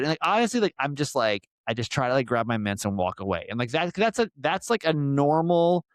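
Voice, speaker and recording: A man's voice: fairly high pitch, big pitch swings, a little fast, few pauses, no echo, clean studio sound. A man in his forties hosting a podcast, telling a rambling story with lots of fillers and acting out what people said. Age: 40s. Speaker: podcast host. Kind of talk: casual storytelling chat.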